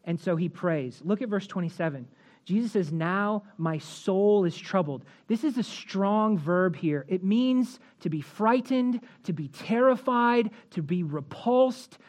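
A woman preaching a sermon, walking through scripture verse by verse and rising in pitch and force at emphatic points. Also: animated, a little mellow. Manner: rises in pitch and volume at emphatic points, slows for key phrases; expository, walks through verses.

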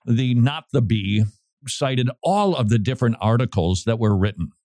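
A man hosting a Christian talk radio show, teasing his co-host and then giving commentary in a quick, playful way. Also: medium pitch, animated, mellow, dry recording, studio quality.

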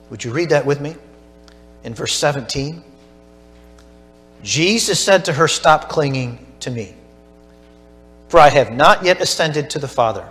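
A man preaching a sermon to a church congregation, building to emphatic peaks and dropping to hushed asides. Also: medium pitch. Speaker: pastor.

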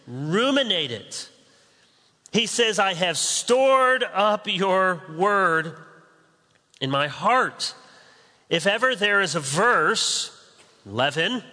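A man's voice: sits high, sharp tone. A man preaching a sermon as pastor, conversational with humorous asides, recorded in a large church sanctuary. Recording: long hall reverb.

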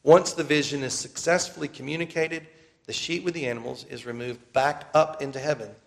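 Male preacher, mid-pitched and gravelly, earnest sermon delivery with slow emphatic repeats. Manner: earnest, emphatic repetition, slows down for key phrases. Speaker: pastor.

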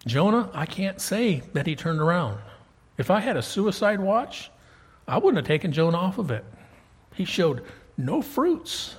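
A man preaching a sermon as pastor, animated and conversational, full of rhetorical questions. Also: sits high, a little slow, breathy edge, in a large hall.

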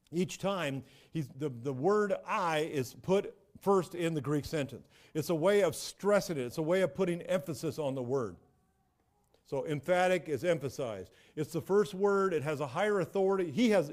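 A middle-aged pastor delivers a sermon in a high, slightly mellow voice. He's emphatic and repetitive, often starting his phrases over.

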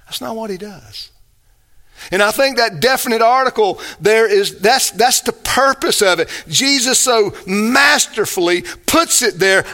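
A man's voice: high voice, measured pace, bright, forceful tone. A man preaching a sermon, earnest and emphatic, building to rising bursts. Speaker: pastor.

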